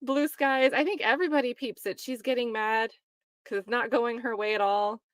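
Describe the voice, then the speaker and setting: A woman hosting a casual livestream, commenting on a trial and reading viewer chat, chatty and quick to laugh. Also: a little high, steady tone, smooth, dry recording, clean studio sound. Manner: chatty, laughs often, mocks quoted voices.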